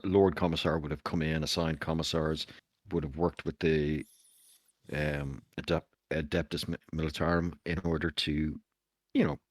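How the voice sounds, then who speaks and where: A game master rambles through setup with plenty of fillers. His voice sits low and the sound is dry and close. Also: no room sound. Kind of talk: casual tabletop game chat.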